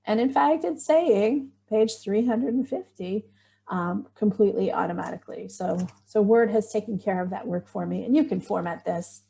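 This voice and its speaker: A woman's voice: medium pitch, moderate pace, gravelly, warm tone. A middle-aged woman teaching a screen-share tutorial, chatty and thinking aloud as she works. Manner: chatty, thinking aloud, little surprised exclamations. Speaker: writing workshop instructor.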